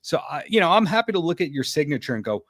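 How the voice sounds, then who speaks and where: A man's voice: fairly high pitch, big pitch swings, quick pace, fairly bright tone, no echo. Dry-voiced man in wry casual chat. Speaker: podcast guest, interviewer.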